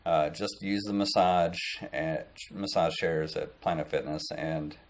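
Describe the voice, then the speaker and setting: A man's voice: very deep voice, fairly even intonation, measured pace. A man in his late thirties talking casually to camera as a vlogger, rambling with plenty of fillers and restarts. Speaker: online business vlogger.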